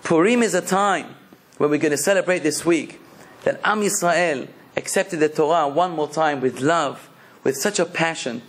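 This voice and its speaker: A rabbi delivers a sermon in a high-pitched voice with a husky, slightly rough edge. He preaches with passion and leans into each point with emphasis. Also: moderate pace, a bit bright.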